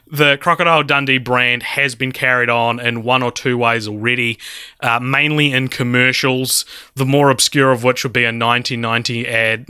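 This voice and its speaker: A man's voice: mid-range voice, bright, forceful tone, smooth, dry recording, studio quality. A man co-hosting a podcast in casual chat, explaining and recapping things at length. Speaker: podcast co-host.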